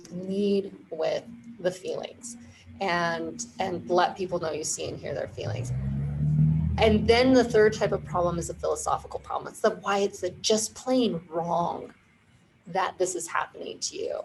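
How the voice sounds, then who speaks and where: A woman who founded a marketing firm, a podcast guest explaining ideas in clear, confident steps. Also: fairly low pitch, a little slow, noisy background. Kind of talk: casual interview explanation.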